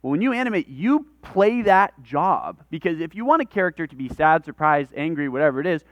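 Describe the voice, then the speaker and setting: A man's voice: on the high side, big pitch swings, a little fast, no room sound, lo-fi sound. A man leading a live workshop, explaining things in a conversational way and talking with his hands. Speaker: workshop presenter. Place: conference room with audience.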